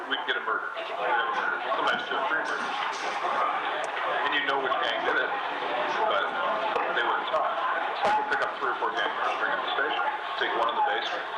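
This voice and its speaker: A man's voice: medium pitch, roomy sound. Swaggering man on a noisy old tape. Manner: profane, swaggering, rambling. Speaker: interviewee on an archival tape. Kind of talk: casual boastful storytelling.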